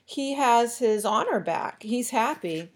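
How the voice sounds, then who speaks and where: A woman's voice: a little high, animated, slow pace, husky, voice pushed up, exaggerated voice. A woman voicing a determined young boy who speaks firmly and defiantly, raising his voice, in an audiobook reading. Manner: firm, defiant, raised voice.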